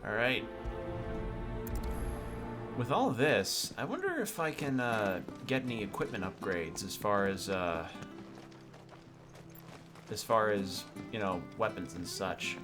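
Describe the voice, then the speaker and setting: A man's voice: fairly low pitch, big pitch swings, slow, pauses often, music in the background. A man streaming a video game, commenting casually with sarcastic jokes and rambling asides.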